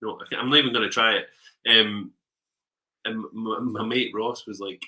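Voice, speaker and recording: Guy on a chat show, low voice but really bright, rambly, lots of ums and laughs. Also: steady tone, moderate pace, rough recording. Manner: rambling storyteller, laughs often, trails off with ums. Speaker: podcast co-host. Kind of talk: casual chat.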